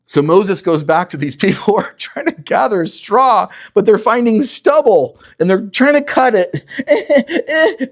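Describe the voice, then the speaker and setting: Animated male preacher teaching scripture. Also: high voice, a little slow. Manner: animated teaching, urges listeners to read verses critically. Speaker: pastor. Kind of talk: expository sermon.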